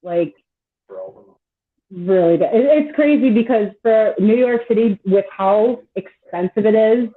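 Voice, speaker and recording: A woman in her thirties with a slightly high voice talks in an unhurried way during casual live-stream chat. She rambles, swears freely, and leans heavily on "like," all through tinny, phone-like call audio.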